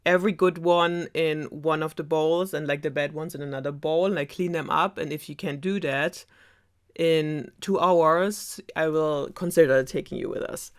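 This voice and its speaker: A woman's voice: low-pitched, fairly even intonation, moderate pace, clear, resonant tone, natural voice. A young woman with a German accent voicing a haughty, scornful stepmother in a fairytale retelling. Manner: dismissive, sneering.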